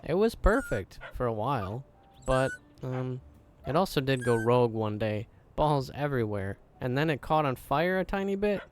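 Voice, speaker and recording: A man reading game dialogue aloud, voicing an excitable, childlike talking dog in a bubbly, pleading way. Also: mid-range voice, moderate pace, faint music behind, natural voice. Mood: eager.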